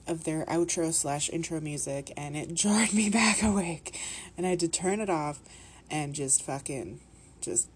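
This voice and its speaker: A woman's voice: on the low side, darkish tone, husky. A Canadian woman with a slight Minnesotan lilt, hosting a podcast in casual, rambling chat, often laughing and swearing. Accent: Canadian, with a put-on Minnesotan lilt. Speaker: podcast host.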